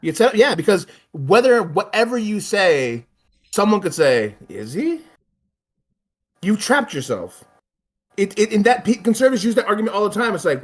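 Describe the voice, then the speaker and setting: A man's voice: high voice, moderate pace. A man in casual conversation, ranting with lots of swearing and laughter. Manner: profane, animated ranting with laughs. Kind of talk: casual chat.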